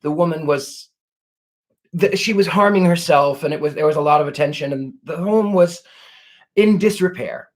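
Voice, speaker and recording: Gentle, effusive man with a raised voice. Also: on the high side, moderate pace. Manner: gentle and effusive, fond of 'lovely' and 'dear'. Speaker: psychic host. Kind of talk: casual livestream Q&A. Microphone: home livestream setup.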